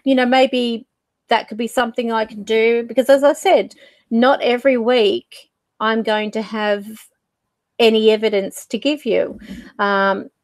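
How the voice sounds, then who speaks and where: A woman's voice: a little high, a little mellow, no echo. A woman hosting her own channel, talking casually to camera as a psychic medium, rambling and searching for words with fillers. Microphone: desk mic.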